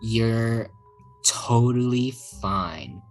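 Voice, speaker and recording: A woman with a very low, husky voice narrates a tabletop game for her friends as game master. She talks slowly and casually, breaking into giggles and filling pauses with ums. Soft music plays behind her. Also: low-quality recording. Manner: casual, giggly, halting with many fillers.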